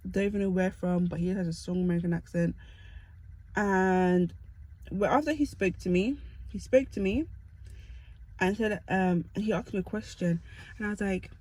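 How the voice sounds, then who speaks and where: Young uk woman vlogging, animated and self-mocking, just chatting to camera. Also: medium pitch, rough recording. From United Kingdom. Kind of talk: casual storytelling to camera.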